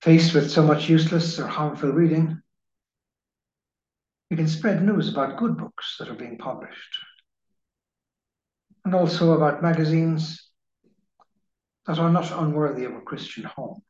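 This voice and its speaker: A man giving a slow, measured spiritual reading in the manner of a preacher. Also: fairly high pitch, a little mellow. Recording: echoey room, dull lo-fi sound.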